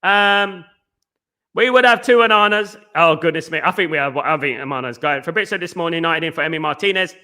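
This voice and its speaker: A man hosting a live fan stream, talking very fast and answering viewer comments in casual chat. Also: a little high, sharp tone.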